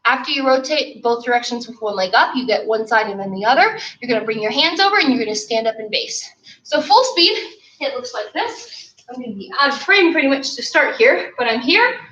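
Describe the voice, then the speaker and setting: Leading an online martial arts session, a woman counts reps aloud and offers upbeat coaching in a fairly high, animated voice that's bright and forceful and a little fast. Picked up by a camera mic from a distance, her voice sounds roomy, distant and dull, like lo-fi audio.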